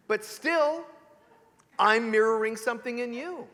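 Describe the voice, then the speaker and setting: A man giving an animated sermon as a spiritual teacher, joking and asking rhetorical questions. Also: very high-pitched, unhurried, big-room sound. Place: church sanctuary.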